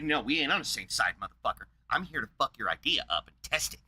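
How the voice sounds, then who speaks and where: A man's voice: mid-range voice, sing-song, quick pace, hardly any pauses, bright, forceful tone, slightly rough. A man streaming a casual, profane rant in a blunt, combative way.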